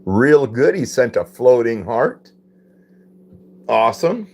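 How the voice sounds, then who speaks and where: A man's voice: mid-range voice, sing-song, slow, a little mellow. A man hosting a casual live stream, reading viewer comments aloud, repeating phrases and puzzling over them.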